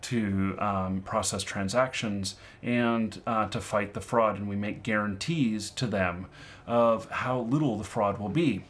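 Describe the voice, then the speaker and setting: A man's voice: fairly low pitch, measured pace, a bit bright. A man giving casual advice to viewers, rambling and leaning heavily on filler words as he talks. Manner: rambling, full of "you know" and "um" fillers. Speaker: online game-currency seller and fraud consultant. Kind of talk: casual advice talk to camera.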